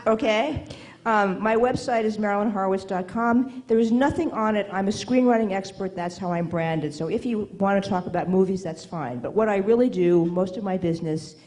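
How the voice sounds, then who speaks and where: A woman's voice: medium pitch, warm tone, low-quality recording. A woman writing coach giving an emphatic, teasing talk to a live audience, often checking in with "okay?". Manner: emphatic, teasing, quick asides asking "okay?". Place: event hall with an audience.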